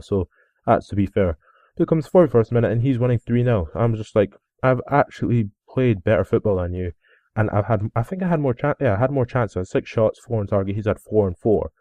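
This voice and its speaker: A young man giving casual, rambling commentary over his own football game footage, with excited outbursts. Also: mid-range voice, dry recording, muffled recording. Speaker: gaming video host.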